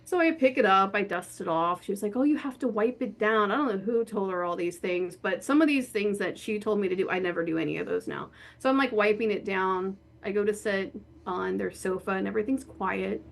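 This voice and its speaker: Woman guest chatting, gravelly fry in her voice, mid pitch, lots of "like", laughs a bunch. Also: brisk, hardly any pauses. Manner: animated, laughs often, many "like" fillers. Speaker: guest, horror author and spirit board practitioner. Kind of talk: casual storytelling in an interview.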